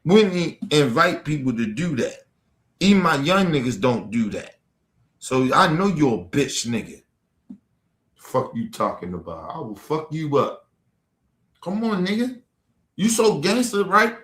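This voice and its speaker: A man's voice: mid-range voice, very animated, normal speed, roomy sound. A man ranting at a viewer on a livestream, aggressive and profane. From Baltimore. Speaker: streamer. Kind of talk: livestream rant.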